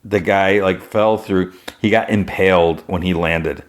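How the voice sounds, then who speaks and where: A man's voice: deep voice, steady tone, measured pace. A man hosting a podcast, casually retelling a TV episode in a rambling way full of "like". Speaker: podcast host.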